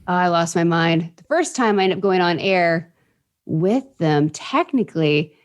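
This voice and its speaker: A woman's voice: fairly low pitch, expressive, measured pace. A woman guest in a casual interview, telling quirky, bubbly stories. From Indianapolis, US. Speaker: podcast guest.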